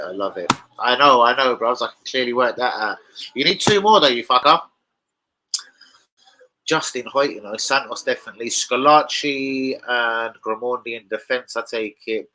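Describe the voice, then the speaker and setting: A man's voice: medium pitch, bright, forceful tone, rough recording. A young man hosting a live football stream, rambling and swearing as he bants with his chat. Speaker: football channel livestream host.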